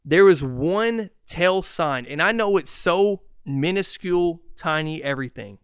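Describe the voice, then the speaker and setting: A man hosting a sports podcast in an excited, cursing rant. His voice sits a little high and sounds smooth and clear. The recording is close and dry. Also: no room sound. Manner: excitable, fast, profane ranting. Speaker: podcast host.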